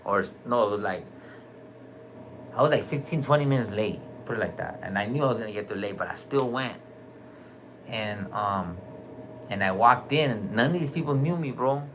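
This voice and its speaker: A man's voice: lowish voice, lively intonation, moderate pace, long pauses, fairly bright tone, slight background noise, poor audio. A middle-aged man telling his own story in casual talk, candid and streetwise, saying "bro" a lot and swearing freely. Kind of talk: casual recorded conversation. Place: hospital room.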